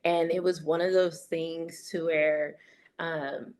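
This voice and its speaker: A woman in her thirties speaks as a guest in a casual talk. Her voice sits a little low, and she tells stories frankly. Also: level tone, slow, darkish tone, slight background noise. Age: 30s. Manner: frank, storytelling. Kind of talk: casual podcast chat.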